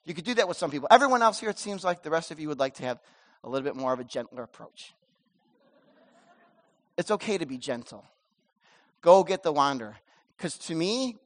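A middle-aged male pastor preaching a sermon in a church, animated, moving between loud emphasis and soft asides. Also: a little high.

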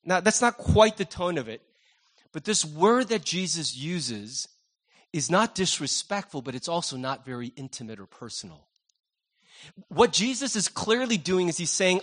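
A man's voice: sits high, animated, moderate pace, a bit bright. Joking middle-aged male pastor. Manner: conversational, self-deprecating humor. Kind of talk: sermon.

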